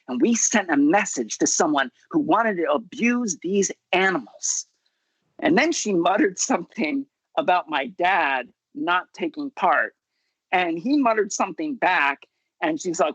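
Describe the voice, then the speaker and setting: A man's voice: high-pitched, lively intonation, moderate pace, fairly bright tone, husky, no room sound, poor audio. A man telling a funny childhood story at an online story slam, chatty and self-amused, over a video call. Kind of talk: personal story told at a virtual story slam.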